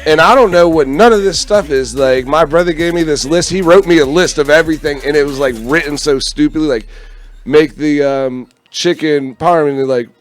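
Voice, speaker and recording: A man chatting on a casual live stream with a fairly high voice, telling a rambling story and jumping into other people's voices as he quotes them. He swears freely and keeps the pace loose. Faint music plays underneath. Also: normal speed. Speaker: radio show co-host.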